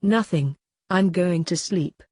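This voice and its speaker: A woman voicing a bossy, sharp-tongued teenage little sister. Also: lowish voice, slow, husky, no echo. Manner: bossy, snappy.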